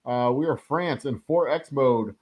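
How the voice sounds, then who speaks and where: A man's voice: mid-range voice, unhurried, a little mellow. A man hosting a live stream of a strategy game, chatting casually, rambling through jokey asides and the odd swear. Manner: rambling, joking asides, frequent fillers. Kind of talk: casual live gameplay commentary. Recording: dull lo-fi sound.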